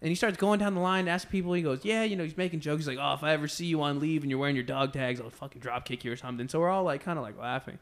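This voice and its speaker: A young man from Texas, hosting a podcast and telling stories in a relaxed, rambling way. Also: fairly high pitch, very fast, hardly any pauses. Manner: relaxed, rambling, fillers like "you know what I'm saying". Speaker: podcast host. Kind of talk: casual storytelling chat.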